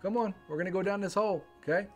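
A man in his thirties, a slightly hoarse gaming host, chatting playfully and teasing his young son while they play, laughing often. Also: sits high, racing, soft background music. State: a little hoarse, losing his voice. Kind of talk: casual gameplay commentary.

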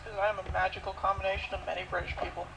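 A woman's voice: medium pitch, little pitch movement, rapid-fire, over music. A woman gaming with friends, tossing off sarcastic jokes and casual swearing. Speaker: let's play player. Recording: noisy mic with clear hiss.

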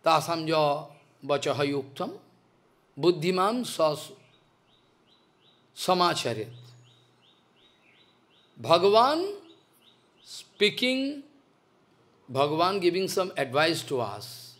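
Male preacher, high voice, lively swinging pitch, emphatic repeats. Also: slow, long pauses. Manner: emphatic, repeats phrases, broken English. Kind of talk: sermon.

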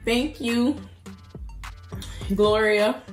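An excitable, chatty woman doing a casual mukbang-style cookie review for her viewers. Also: on the high side, extremely slow. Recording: roomy echo with faint music.

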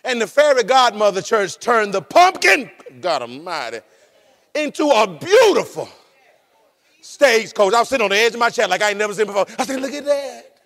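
A man preaches in a high, gravelly voice with plenty of fry. He tells the story like an animated preacher, laughing along the way. He swings from shouted peaks down to low, quiet asides. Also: a little fast. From rural United States. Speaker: pastor. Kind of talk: sermon.

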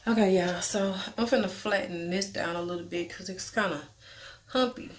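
A young woman vlogger chatting casually to her viewers, relaxed and slangy. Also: fairly low pitch, moderate pace, a little hiss or hum. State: out of breath at times. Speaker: family vlogger. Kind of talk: casual vlog chat to camera.

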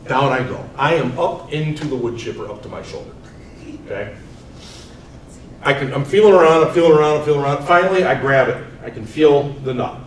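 A teacher in his forties telling personal stories to students in an animated way, swinging from loud to soft. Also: mid-range voice, a little fast. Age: 40s. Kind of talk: storytelling talk to students. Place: school hall. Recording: echoey room, mic far off, faint noise.

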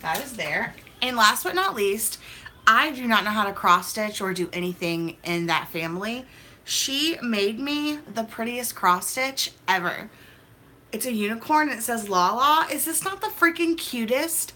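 A woman's voice: on the high side, animated, measured pace, bright, forceful tone, a little hiss or hum. A young woman vlogging as she opens mail, talking in a hyper, chatty, gushing way. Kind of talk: casual mail-opening vlog.

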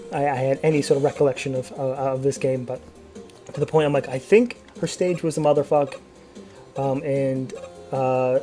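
A young man with a medium-pitched, dark-toned voice provides casual let's play commentary on gameplay, rambling and swearing, full of fillers and restarts.

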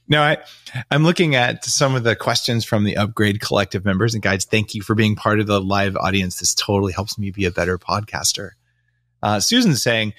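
A man's voice: on the low side, moderate pace, fairly bright tone, no room sound, clean studio sound. An American man hosting a podcast interview, who slips wry, sarcastic asides into the conversation. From United States. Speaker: podcast host.

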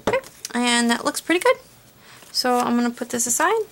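A woman narrating her card-making tutorial in a relaxed, chatty way, thinking aloud as she works. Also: a little high, fairly quick, a little hiss or hum. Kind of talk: casual crafting tutorial voice-over.

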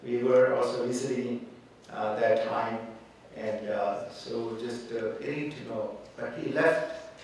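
A man speaks at a funeral in a slow, halting way, full of pauses and fillers, then grows fervent when he reads scripture. He is heard from a distance in a very echoey church hall with faint background noise. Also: medium pitch, fairly even intonation, darkish tone. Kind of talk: funeral tribute and scripture reading.

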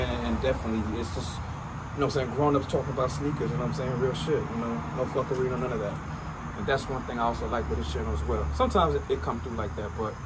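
A man hosting a casual sneaker vlog outdoors at dusk, talking in a slangy, chatty way and repeating his catchphrases. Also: mid-range voice. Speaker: sneaker vlogger. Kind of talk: casual hyped sneaker show-and-tell. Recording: outdoor noise with crickets and traffic.

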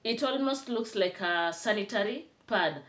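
Kenyan woman, young adult, Kenyan accent, vlog commentary, bright tone, chatty and scolding. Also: medium pitch, animated, moderate pace. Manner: chatty, rising to indignant scolding. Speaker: vlogger.

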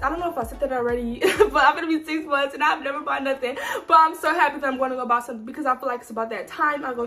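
A woman's voice: high voice, sharp tone. A young woman, vlogging casually in a big store, giggly and nervous as she talks to her viewers. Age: young adult. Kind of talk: casual vlog chat.

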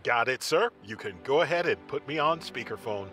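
A man's voice: mid-range voice, lively intonation, a little fast, sharp tone, faint music behind. A man acting a polite customer service operator in a comedy sketch. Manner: polite, professional.

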